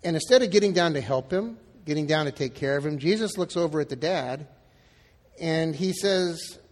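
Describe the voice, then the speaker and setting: A man's voice: fairly high pitch, expressive, normal speed, big-room sound. A male pastor preaching a sermon in a casual, conversational way, acting out the quoted lines. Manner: conversational, acts out quotes in dialogue.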